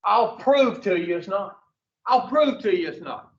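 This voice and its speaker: A man's voice: high voice, sing-song, measured pace. A man leading an addiction recovery class, blunt and profane, quizzing the group in front of him. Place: room with a group. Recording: roomy, distant, dull lo-fi.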